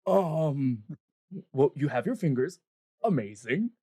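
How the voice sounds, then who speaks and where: A man doing a flustered dwarf keeper in a tabletop game, fussy and rambling, with a dark, mellow tone and a dry, close sound. he scolds and apologizes in the same breath. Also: on the high side, big pitch swings, slow pace, husky, dry recording, full character voice. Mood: apologetic.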